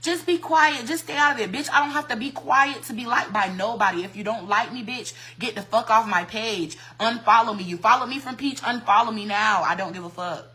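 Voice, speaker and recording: A woman who works as a hairstylist, ranting bluntly and loudly into her phone on a livestream, full of profanity and combative. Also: medium pitch, brisk, few pauses. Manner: profane, blunt and combative, talks loud on purpose. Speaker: hairstylist and social media creator. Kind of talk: heated livestream rant. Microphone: phone mic.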